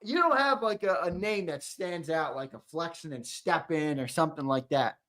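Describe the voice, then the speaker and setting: A young man hosting a live-stream giveaway, chatting and teasing viewers in casual banter, with loud hyped countdowns between low mumbled asides. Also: normal speed. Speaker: show host running a live-stream giveaway.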